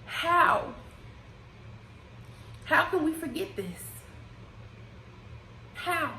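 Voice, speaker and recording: Woman vlogger, high voice, emotional and casual, echoey room recording. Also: animated, very slow, sharp tone, slight background noise. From United States. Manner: emotional, rising and falling with feeling, Southern-tinged casual speech. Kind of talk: impassioned personal vlog. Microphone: desk microphone.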